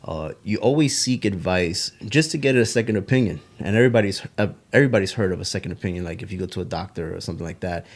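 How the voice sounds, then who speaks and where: Low-voiced man co-hosting a podcast. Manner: halting, restarts, laughs at own slips. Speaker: podcast co-host. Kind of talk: casual chat.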